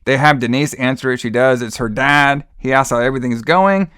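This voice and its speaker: A man's voice: medium pitch, a little fast, a bit bright, clean tone, no room sound, studio quality. A man co-hosting a podcast, recapping a film in casual, exasperated, profane chat with frequent sighs. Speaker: podcast co-host.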